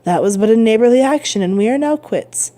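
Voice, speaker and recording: A woman's voice: a little high, animated, fairly quick, warm tone, close to an everyday voice. A woman voicing a sly, grudging young male tailor who needles his neighbor in a storybook reading.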